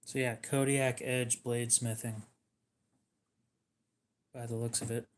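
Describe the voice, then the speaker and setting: A man chatting casually on a livestream while showing knives for sale, speaking in a flat monotone. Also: medium pitch, a little slow, a little hiss or hum. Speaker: livestream knife seller.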